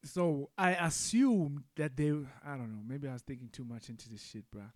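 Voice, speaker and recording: A man's voice: mid-range voice, moderate pace, dry recording, studio quality. A man co-hosting a podcast in casual chat, laid-back and rambling, swearing freely. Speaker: podcast co-host.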